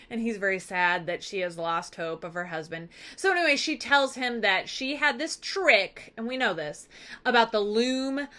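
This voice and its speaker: A woman teacher giving a chatty, lively recap of a story for a class, acting out the characters' lines as she goes. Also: a little high. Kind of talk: casual literature lesson recap.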